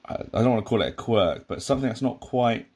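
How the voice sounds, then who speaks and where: A man's voice: mid-range voice, animated, fast talker, darkish tone, husky. A man giving a casual, rambling commentary on a sitcom episode, with frequent restarts and asides. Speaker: podcast host reviewing a sitcom.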